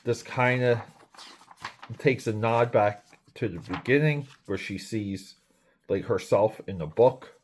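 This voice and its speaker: Man talking through a comic, rambling, critical, lowish voice. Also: slow, a little mellow, slight background noise. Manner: rambling, loose and critical, many fillers and restarts. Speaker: comic book review host. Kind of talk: casual comic review.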